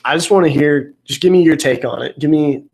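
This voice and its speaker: A man with a husky, slightly high voice co-hosts a podcast in loose banter. He teases his friends and tells funny stories with a playful, joking manner. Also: fairly quick, darkish tone. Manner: joking, teasing storyteller. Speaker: podcast co-host. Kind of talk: casual banter.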